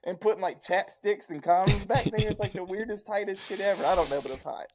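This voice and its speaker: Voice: mid-range voice, fast talker, darkish tone, a little hiss or hum. A podcast co-host in casual chat, teasing and joking with a flirty banter.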